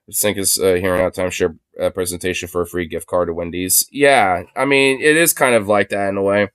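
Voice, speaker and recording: A man's voice: sits low, brisk, a bit bright, clean tone, no room sound, studio quality. A young man ranting casually, rambling with lots of fillers and swearing. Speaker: podcast host. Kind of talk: casual profane rant.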